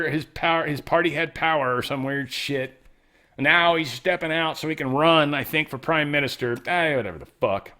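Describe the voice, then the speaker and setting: A man's voice: fairly high pitch, pushed and bright. A man hosting his own show, giving casual news commentary in a rambling, profane, ranting way. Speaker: host.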